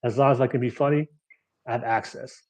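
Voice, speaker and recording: A man hosting a casual podcast conversation, telling a story in an animated way, with frequent restarts and fillers. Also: mid-range voice, quick pace, muffled recording. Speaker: podcast host.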